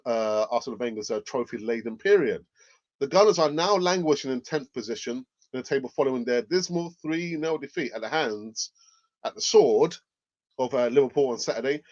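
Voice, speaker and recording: A young man hosting casual football news commentary, animated and laughing often as he reacts. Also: mid-range voice. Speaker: football channel host. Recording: dull lo-fi audio.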